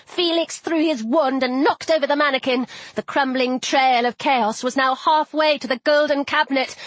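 A woman narrating a first-person novel as an audiobook in a lively, wry manner, acting out the dialogue. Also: sits high, moderate pace, hardly any pauses, no echo.

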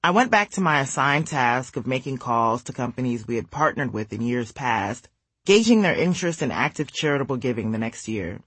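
Husky woman reading a memoir. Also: extremely low pitch, big pitch swings, a little fast, fairly bright tone, dry recording. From United States. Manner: candid, wry storytelling. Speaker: memoir narrator. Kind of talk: audiobook memoir narration.

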